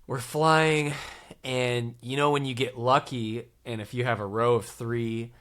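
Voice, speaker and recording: A man's voice: medium pitch, unhurried. A man in his thirties, co-hosting a podcast, telling a story in a casual chat and acting out the quotes. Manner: animated, acts out quotes in lively voices. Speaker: podcast co-host.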